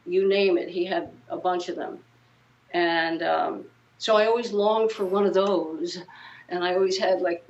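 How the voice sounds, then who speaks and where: A woman in her seventies, a guest musician, chats casually from her living room in a lowish, slightly mellow voice captured on dull audio. Her anecdotes ramble and are full of restarts.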